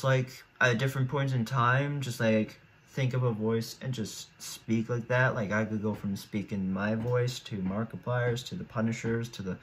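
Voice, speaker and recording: A teenage boy YouTuber rambles through casual solo commentary, thinking aloud and restarting often as he weighs each choice. His voice is mid-range.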